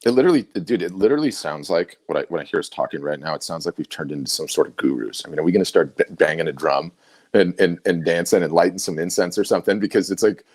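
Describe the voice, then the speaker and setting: A man's voice: sits low, fast, darkish tone. A middle-aged man co-hosting a casual webinar, telling stories animatedly, with many restarts. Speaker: co-host.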